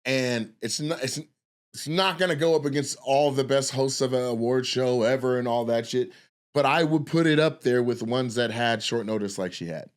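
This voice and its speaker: A stand-up comedian hosts a podcast and tells a long story in a mid-range male voice at normal speed. He's casual and profane, rambling along and restarting his sentences a lot.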